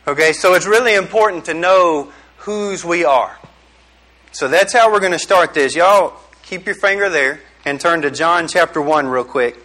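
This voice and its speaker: A middle-aged man preaches to a small group in a loose, joking way. He keeps firing questions back at his listeners. His voice sits a little high and rings bright and forceful. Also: normal speed. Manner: joking, chatty, quizzes the audience. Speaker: youth pastor. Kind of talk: casual youth sermon.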